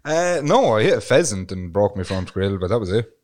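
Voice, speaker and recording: A young Irish man telling a story in casual podcast chat, swearing freely and animated. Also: fairly low pitch, brisk. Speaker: podcast co-host.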